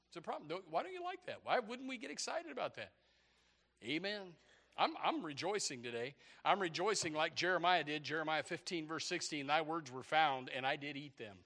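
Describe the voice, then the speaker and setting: A male pastor preaches in a church, excitable and rambling, breaking into sudden shouted bursts. His voice is high and bright. It rings with a long hall reverb. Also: brisk. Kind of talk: sermon. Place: church sanctuary.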